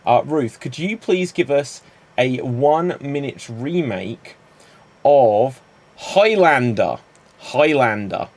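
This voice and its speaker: A man's voice: mid-range voice, animated, slow, a little mellow. A man hosting an improv comedy show, setting up games and calling time.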